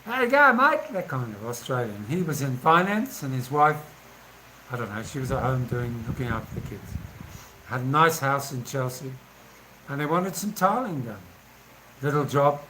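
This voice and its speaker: A man's voice: medium pitch, fairly bright tone, slight background noise, rough recording. A man, casually telling anecdotes and laughing as he goes. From England. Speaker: vlogger. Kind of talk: casual storytelling.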